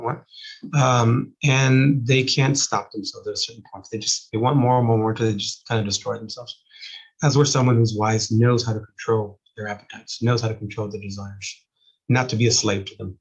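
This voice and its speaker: A man's voice: medium pitch, muffled recording. A man with a mixed Texan and Spanish accent, lecturing on camera in a casual, rambling way with many fillers while losing his voice. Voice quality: husky. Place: indoors, solo on camera. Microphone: camera mic.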